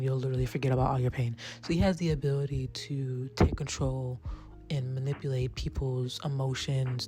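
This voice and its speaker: A woman's voice: a bass voice, a little mellow. A woman chatting casually as she recaps a TV series, peppering her talk with "right?" and the odd swear word, over faint background music. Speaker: show reviewer.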